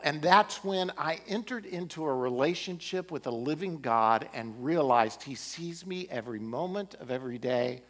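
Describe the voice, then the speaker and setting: A man preaching a sermon as pastor, building emphasis with rising and falling delivery. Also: on the high side. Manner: animated, rising and falling emphasis with occasional laughs.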